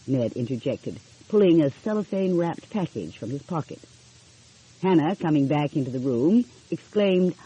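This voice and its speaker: A woman's voice: deep voice, animated, moderate pace, warm tone, slightly rough, muffled recording. A woman narrating a mystery audiobook in a cozy storytelling manner.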